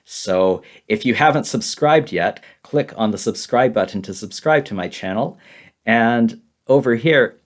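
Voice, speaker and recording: A man with a fairly low voice runs a beginner English lesson over his screen. He repeats simple phrases patiently and laughs lightly now and then. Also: darkish tone. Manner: simple words, heavy repetition, light laughs. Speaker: English teacher. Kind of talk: slow, repetitive beginner lesson.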